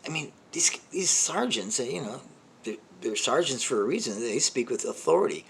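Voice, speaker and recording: A man's voice: mid-range voice, expressive, moderate pace, vocal fry, fairly bright tone, slight background noise. An older man and comedy host telling a long personal story in a rambling, self-deprecating way, with many restarts and asides. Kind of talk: storytelling monologue.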